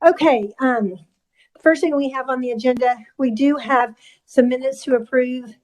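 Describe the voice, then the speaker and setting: A woman chairing a legislative committee hearing, a little out of breath, brisk and friendly as she runs the agenda. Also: high-pitched, darkish tone, poor audio.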